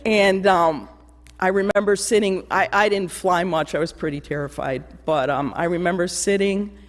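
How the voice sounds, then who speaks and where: A woman's voice: fairly low pitch, normal speed. Woman telling laughing stories in a church. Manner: anecdotal, laughing, mimics voices. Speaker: eulogy speaker. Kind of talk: memorial remembrance. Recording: long church reverb.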